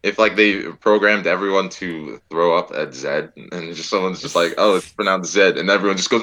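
A man's voice: low-pitched, normal speed, hardly any pauses, pushed and bright. A young man chatting casually, rambling through goofy stories and laughing often. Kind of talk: casual chat.

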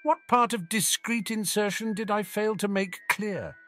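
A man's voice: medium pitch, big pitch swings, a little slow, soft background music. A man voicing an irritable, sarcastic male wizard schemer in a storybook reading. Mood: irritated. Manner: sarcastic, disdainful.

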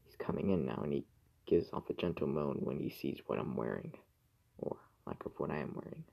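A man reading a first-person horror story in a slow, hushed way that often drops to a whisper. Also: a bass voice, animated, gravelly, dull audio. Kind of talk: scripted horror narration.

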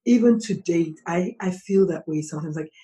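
A woman's voice: lowish voice, moderate pace, dark tone. A woman from Nigeria, hosting a podcast interview and talking empathetically, thinking aloud with rhetorical questions. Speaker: podcast host. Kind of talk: conversational interview.

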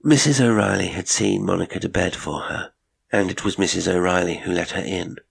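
A man with a very deep, gravelly voice reads a ghost story aloud at a measured pace. His tone is husky and rough-edged, with heavy fry in it. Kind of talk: scripted narration of a ghost story.

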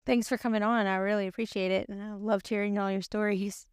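A woman's voice: medium pitch, level tone, fast talker, clear, resonant tone, no room sound, clean studio sound. A woman hosting a podcast, asking short questions and thanking her guest. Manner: brief, friendly questions and thanks. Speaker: podcast host. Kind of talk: casual interview.

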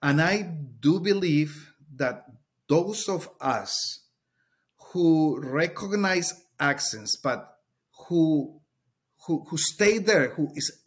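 This middle-aged man from Colombia, a Spanish speaker with the local accent, has a higher voice with a breathy edge. He answers interview questions earnestly as a teacher, often repeating words while he gropes for what to say.

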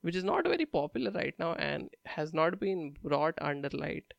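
A young man tells stories in a blunt, profane, casual way. His voice sits a little high and has a gravelly edge. The recording is dry and close, with no room sound. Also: big pitch swings, moderate pace, no echo, highs cut off. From India. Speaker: stand-up comedian. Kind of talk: casual monologue.

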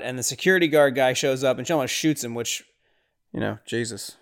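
A male podcast host with a mid-pitched voice talks a little fast through chatty watch-along commentary. He rambles and reacts with exasperated bursts.

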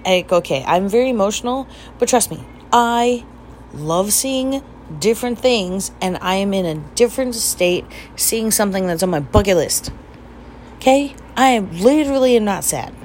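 A woman's voice: on the low side, darkish tone, slight background noise, rough recording. A young woman casually telling stories in a vlog, chatty and laughing often as she acts out her own dialogue. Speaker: vlogger.

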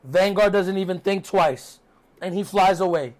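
A man talking through a recap in a loose, rambling, chatty way, as a podcast host. His voice sits a little on the high side for a man. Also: normal speed, a little mellow. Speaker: podcast host reviewing wrestling. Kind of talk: casual recap.

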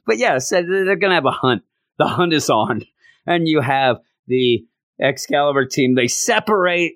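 A man's voice: fairly high pitch, expressive, normal speed, fairly bright tone, no echo, clean studio sound. A man hosting a podcast, reviewing comic books in a casual, sarcastic way and acting out scenes in mock voices. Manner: sarcastic and exasperated. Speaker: podcast host.

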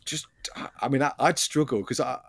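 A man's voice: medium pitch, brisk. A man co-hosting a casual podcast chat, talking loosely and laughing often. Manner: chatty, laughs often, jumps to put-on voices. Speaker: podcast co-host.

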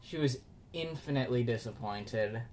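A woman's voice: rumbling low, normal speed, a little hiss or hum. A woman from the Midwest co-hosting a podcast, telling a story in casual chat and acting out the people in it. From American Midwest. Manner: animated storyteller, acts out quotes.

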